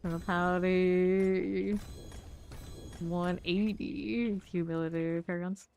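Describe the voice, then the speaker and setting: A woman's voice: medium pitch, a bit bright, faint music behind. Chatty woman game streamer. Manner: chatty, reads chat aloud and answers it, with quick asides; mutters item names while looting. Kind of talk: casual live-stream chat while playing.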